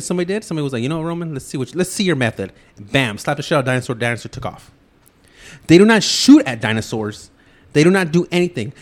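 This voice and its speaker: A man hosting a podcast, ranting loudly and swearing nonstop as he reviews a movie. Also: medium pitch. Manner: loud, swearing, rapid ranting. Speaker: podcast host. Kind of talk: profane movie-review rant.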